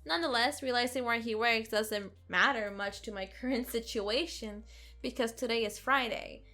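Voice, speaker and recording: A woman hosting a let's play, reading a visual novel aloud in an expressive, sarcastic way. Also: on the high side, normal speed, soft background music. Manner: expressive, sarcastic, occasional giggles.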